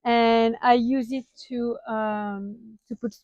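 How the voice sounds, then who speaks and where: A woman with a French accent talks slowly and a little high, pausing often on fillers and breaking into small laughs as she shows off her van. The sound is dry and a bit dull, recorded close in a small van. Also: flat delivery, a little mellow, dry recording. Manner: chatty, halting with frequent fillers and laughs. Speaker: vlogger. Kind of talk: casual van tour vlog.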